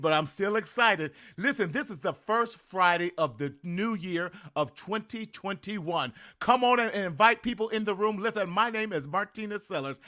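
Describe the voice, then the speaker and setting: A middle-aged man from Southern California runs a live-streamed podcast launch party. He talks in a high-set voice, casual and full of slang, and keeps up a stream of hyped calls for viewers to join in. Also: animated, normal speed, hardly any pauses, pushed and bright. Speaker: podcast host.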